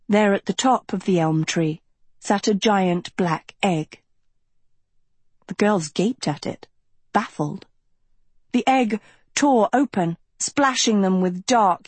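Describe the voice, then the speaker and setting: A woman narrating an audiobook in a measured, dramatic scripted reading. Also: mid-range voice, a little mellow, slightly rough, dry recording.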